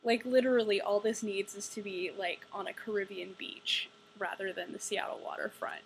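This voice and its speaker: A woman's voice: medium pitch, normal speed, few pauses, a little hiss or hum, poor audio. A young woman giving a casual ranting book review, exasperated, sarcastic and profane. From United States.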